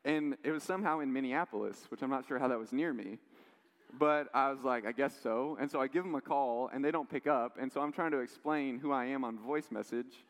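A man preaching a sermon, telling stories in a lively way with quoted voices and asides. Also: mid-range voice, fairly quick. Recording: long hall reverb.

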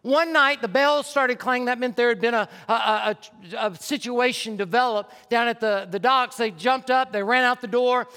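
A man preaching in a church auditorium, his high, bright voice carrying a long reverb through the hall. He tells stories with urgency, then drops soft and low as he pleads. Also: steady tone, moderate pace, hardly any pauses, clean tone. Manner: impassioned storytelling, dropping soft and low for the altar call. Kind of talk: sermon.

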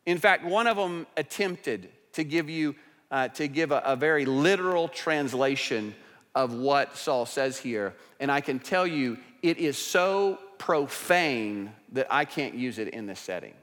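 A male pastor delivers a sermon at a middle pitch, his voice carrying a long hall reverb. He talks conversationally, dropping to quiet asides and then rising into emphatic, louder stretches. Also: animated, measured pace. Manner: conversational preaching, swings from hushed to emphatic. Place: church sanctuary.

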